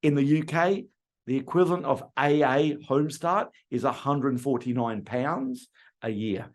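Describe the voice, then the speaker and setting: A middle-aged Australian man trains car salespeople, acting out customer phone calls in quotes with an animated manner. His voice sits at a medium pitch and moves at an unhurried pace.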